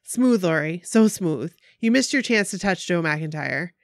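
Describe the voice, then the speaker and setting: Gushing, excitable woman podcaster. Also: lowish voice, a little slow, dry recording, studio quality. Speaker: podcast co-host reading a fan story. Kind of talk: casual chat and reading aloud.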